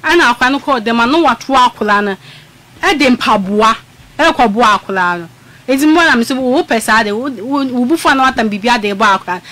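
A woman in casual radio chat, telling a lively story and acting out quoted speech. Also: a little high, a little fast.

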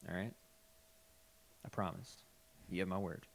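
Low-voiced male podcast host. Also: fairly even intonation, a little slow, vocal fry. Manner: hosts the segment, reads out voicemails and laughs easily. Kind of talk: casual chat.

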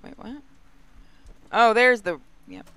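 A man's voice: high-pitched, huge pitch swings, slow, bright, forceful tone, clean tone, no room sound. A man hosting a casual let's-play video, chatting and reacting aloud as he plays a game. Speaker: gaming video host.

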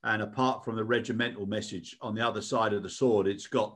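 A man's voice: fairly low pitch, steady tone, brisk, fairly bright tone. A British man co-hosting a casual podcast chat, speaking earnestly and repeating words as he goes. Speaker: co-host.

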